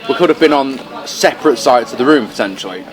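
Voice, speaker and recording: A man co-hosting a casual podcast, chatty and swearing casually, recorded in a fast-food restaurant. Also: mid-range voice, expressive. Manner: chatty, swears casually, talks while eating. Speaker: podcast co-host. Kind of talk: casual chat. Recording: noisy crowded restaurant. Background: busy restaurant crowd chatter.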